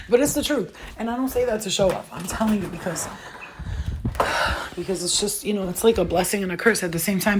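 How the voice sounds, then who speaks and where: A woman chatting casually to livestream viewers as a spiritual reader, fast-talking, profane and emphatic. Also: medium pitch, slight background noise.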